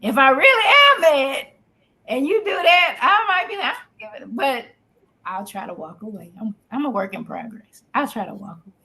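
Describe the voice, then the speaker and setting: Woman, podcast chat, folksy, animated, fairly high-pitched. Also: normal speed. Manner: animated, folksy, restarts a lot. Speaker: podcast co-host. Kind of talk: candid casual chat.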